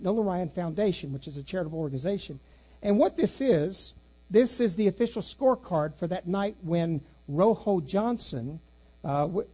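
High-voiced folksy pastor preaching. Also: male voice, mellow, dull audio. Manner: folksy, asks the congregation questions. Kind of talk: sermon with personal story. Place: church sanctuary.

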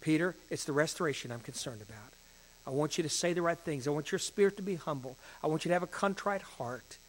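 A man preaching, voicing a gentle male teacher who softly and slowly comforts a friend. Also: fairly high pitch, lightly acted, rough recording. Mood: tender. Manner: soft, slow, comforting. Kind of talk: sermon.

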